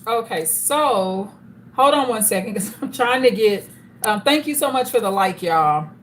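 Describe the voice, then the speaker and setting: A woman's voice: on the high side, lively intonation, measured pace, slight background noise. A woman hosting a live stream, chatting casually and greeting viewers by name as they join.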